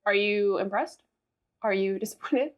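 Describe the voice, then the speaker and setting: A young woman co-hosting a podcast in casual chat, animated and laughing through her stories. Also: mid-range voice, moderate pace. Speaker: podcast co-host.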